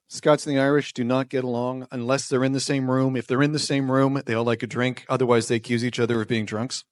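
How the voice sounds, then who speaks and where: A man's voice: medium pitch, no room sound, clean studio sound. A man telling a personal story on stage, wry and self-deprecating, with nervous restarts. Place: small performance venue.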